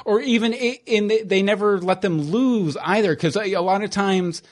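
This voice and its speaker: A man's voice: high-pitched, normal speed. A man co-hosting a podcast in casual chat, opinionated, with many restarts. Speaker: podcast co-host.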